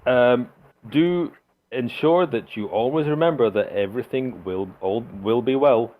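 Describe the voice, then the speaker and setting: A man's voice: medium pitch, unhurried, phone-quality sound, close to an everyday voice. A man voicing a stern, suspicious male town leader who interrogates strangers in a tabletop game. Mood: pleased. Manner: interrogating, demanding.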